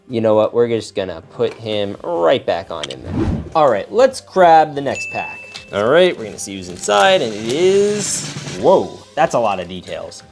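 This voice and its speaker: Man, young adult, unboxing host, excitable, slangy, very animated pitch, soft music under. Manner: excitable, slangy, reacts out loud while building. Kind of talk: casual unboxing chat.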